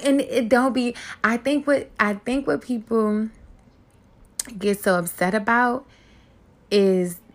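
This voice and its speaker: A woman's voice: mid-range voice, a bit bright. A woman hosting a casual celebrity gossip commentary, candid and profane, often laughing, with features. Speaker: host.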